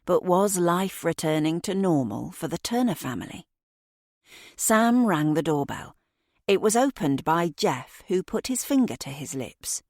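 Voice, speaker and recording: Low-voiced woman narrating a mystery. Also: animated, unhurried, no room sound, clean studio sound. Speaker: audiobook narrator. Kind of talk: scripted audiobook narration.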